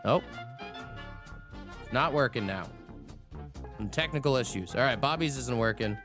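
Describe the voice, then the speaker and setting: A man's voice: mid-range voice, lively intonation, unhurried, vocal fry, over music. A man hosting a morning radio show, chatting casually and joking with callers. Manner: joking, laid-back banter.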